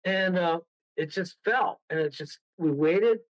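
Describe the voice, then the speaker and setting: A man from Toronto, a guest medium, telling a rambling, excitable story with bursts of laughter. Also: high voice, a little slow, no room sound. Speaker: guest medium and paranormal investigator. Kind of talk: casual storytelling on a radio call. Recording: dull lo-fi radio audio.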